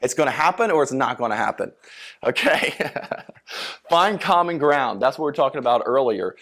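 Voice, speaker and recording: Male sales coach giving a seminar, loose conversational delivery, average pitch. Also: animated, moderate pace, fairly bright tone. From Philadelphia. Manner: casual, conversational, fillers, acts out sales lines. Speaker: sales trainer. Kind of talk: seminar lecture.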